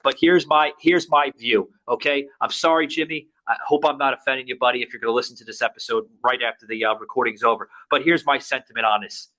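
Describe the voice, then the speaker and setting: A man's voice: medium pitch, fairly even intonation, fast talker, few pauses, bright, forceful tone, low-quality recording. A man hosting a podcast in heated political talk, angry, stammering and swearing a lot. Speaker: podcast host.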